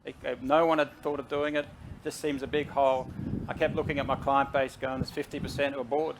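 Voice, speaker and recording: A man's voice: medium pitch, brisk, background noise. A middle-aged man, a CEO guest making his case energetically in an on-stage interview. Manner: energetic, persuasive, talks to the audience directly.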